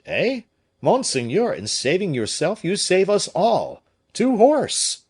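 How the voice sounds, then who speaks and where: A man voicing a loyal male friend who urges escape in a loud, raised, commanding voice, in a storybook reading. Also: mid-range voice, animated, takes it slowly, husky. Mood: urgent.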